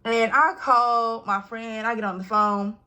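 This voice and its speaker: A young woman, telling a personal story in casual vlog style, acting out quoted voices and dropping to hushed asides. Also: on the high side, fairly even intonation, measured pace. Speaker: vlogger.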